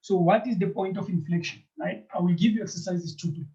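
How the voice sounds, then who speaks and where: A man teaching a math lesson, speaking straight to his students, often checking in with "right?" and filling pauses with "um". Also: high-pitched, steady tone, warm tone. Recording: dull lo-fi recording.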